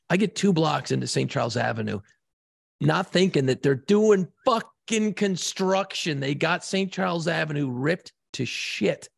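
A middle-aged man from New Orleans, co-hosting a podcast, tells a long, casual story, swearing freely and acting out the voices as an animated, profane storyteller. His voice is on the high side, gravelly with a breathy edge. The studio sound is clean, with no room sound.

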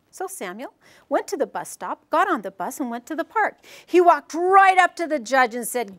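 A woman presenting a storytelling workshop, telling a story with animated, theatrical delivery. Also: high voice, fairly quick. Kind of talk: live workshop talk and storytelling.

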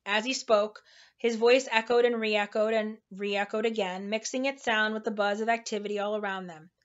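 A woman reading a children's novel aloud in a relaxed, informal way, tripping over hard words now and then. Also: medium pitch, moderate pace, lo-fi sound. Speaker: storybook reader.

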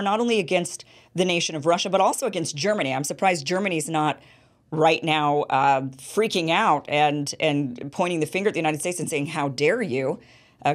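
A woman hosting a political interview show, asking pointed rhetorical questions in an animated way. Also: lowish voice. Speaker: show host.

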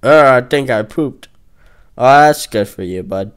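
A young man narrates his gameplay in a goofy way, ribbing opponents, joking around, and singing badly off-key. He speaks a little slowly in a smooth, medium-pitched voice with lively intonation.

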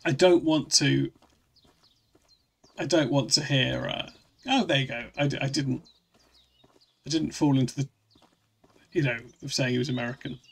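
A man with a gravelly voice, casually chatting while streaming a game and answering chat, rambling with frequent restarts. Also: mid-range voice, steady tone, normal speed, long pauses, a bit bright. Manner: rambling, restarts often, reads chat aloud.

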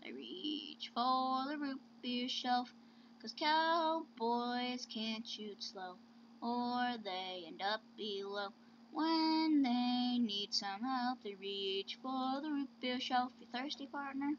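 A woman's voice: high-pitched, flat delivery, a little fast, hardly any pauses, a little hiss or hum, lightly acted. A woman voicing a singing cowboy with a put-on drawl, recorded lo-fi. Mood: sing-song. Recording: dull lo-fi recording.

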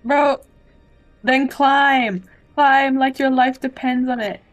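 A woman streaming a video game, reacting loudly and excitably, swearing freely and calling out "bro" while game music plays behind her. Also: high voice, takes it slowly. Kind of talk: gameplay commentary.

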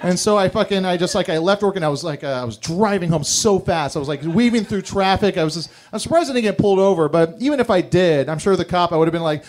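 Performing stand-up, a young man spins crude, self-deprecating, meandering stories as the audience laughs. He talks fast in a high voice, with hardly any pauses.

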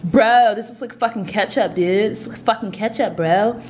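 A woman's voice: medium pitch, moderate pace, darkish tone, a little hiss or hum, natural voice. A woman putting on the voice of an irritated young dude-bro who swears through an exasperated rant.

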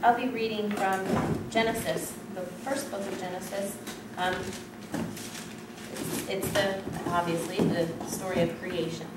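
A woman reading a creation passage aloud at a service, steady with small slips and restarts. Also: medium pitch, a little slow. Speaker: scripture reader at a service. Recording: echoey room, distant mic, background noise.

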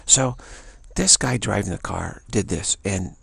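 Man, low gravelly voice, husky, rambling indignant storyteller, dry close sound. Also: unhurried, a bit bright, no echo. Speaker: spiritual channel host. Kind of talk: casual spoken anecdote.

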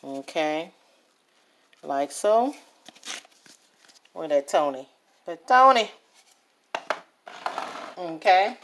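A woman's voice: lowish voice, lively intonation, drawn-out words, long pauses, fairly bright tone. Brief: New woman, home cook, chatty vlog voice, faint noise behind. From New Orleans, USA. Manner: chatty, keeps checking in with the viewer. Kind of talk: casual cooking vlog.

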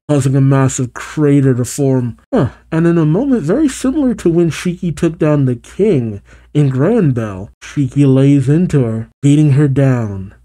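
A man hosting a manga reaction, reading the chapter aloud and breaking off for relaxed, offhand asides. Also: medium pitch.

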